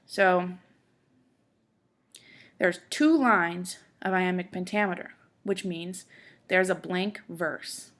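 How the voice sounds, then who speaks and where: A woman's voice: lowish voice, slow, pauses often, a bit bright. A woman teaching a class, explaining step by step, checking in with her listeners and reading verse aloud with marked stresses. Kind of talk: classroom lecture on poetry.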